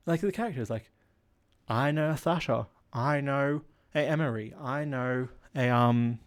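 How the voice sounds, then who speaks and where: Young man, solo podcast host, rambling, filler words, unwell. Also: mid-range voice. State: unwell with a headache. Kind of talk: solo casual chat.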